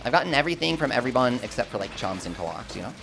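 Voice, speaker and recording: A young man commentating live gameplay and chatting with his viewers, swinging between hype and quick explanations. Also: medium pitch, big pitch swings, creaky, music in the background. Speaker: gaming streamer.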